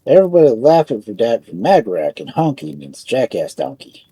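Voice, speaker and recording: A man's voice: medium pitch, sing-song, brisk, dark tone, husky, no echo. A man telling a folk tale, narrating in broken immigrant English. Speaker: storyteller.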